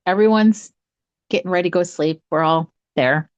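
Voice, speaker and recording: A woman's voice: moderate pace, clean tone, no room sound, highs cut off. A middle-aged woman, a psychic podcast co-host, telling a true ghost story in casual chat and acting out the quoted voices. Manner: animated, acts out quotes with big pitch jumps.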